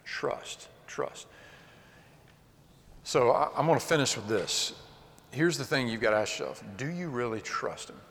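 A man preaching a sermon with passion, swinging between loud outbursts and hushed, earnest moments. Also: mid-range voice, expressive, a little fast. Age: adult. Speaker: pastor. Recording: long hall reverb.

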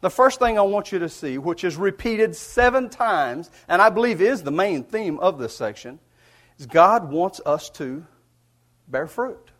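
A man preaches a sermon, easing into it with a folksy personal story. His voice sits high for a man, and his delivery is earnest and conversational, dotted with chuckles. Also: expressive, unhurried, fairly bright tone.

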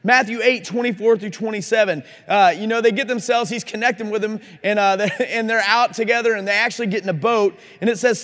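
A man's voice: high voice, steady tone, fairly quick, few pauses, a bit bright. A man preaching a sermon at a Christian conference, earnest and challenging, asking his listeners direct questions. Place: conference hall. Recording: live recording in a reverberant hall.

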